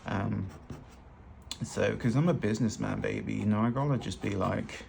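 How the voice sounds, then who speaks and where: At a moderate pace, a man speaks in a creaky, darkish, low-side voice, with a little hiss or hum underneath. He casually narrates a fashion illustration drawing lesson, chatting loosely and joking at his own expense. The footage comes from a hands-only overhead camera.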